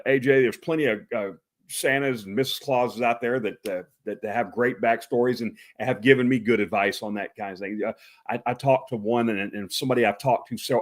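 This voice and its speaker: A man with an East Texas accent hosting a live chat show, rambling with lots of fillers and restarts. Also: lowish voice. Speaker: host.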